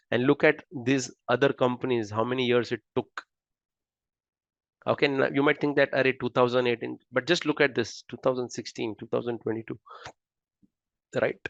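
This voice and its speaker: A man's voice: medium pitch, steady tone, normal speed, dry recording, dull audio. A man with an Indian accent giving a slide lecture in a chatty, conversational way, often checking in with "right?". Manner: conversational, keeps asking "right?".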